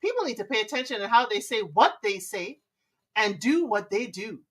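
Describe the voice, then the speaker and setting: A woman's voice: fairly high pitch, expressive, normal speed, recorded from a distance. A woman hosting a live stream, giving relationship advice in a sassy way and humming disapproving mm-mm sounds. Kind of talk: casual live commentary.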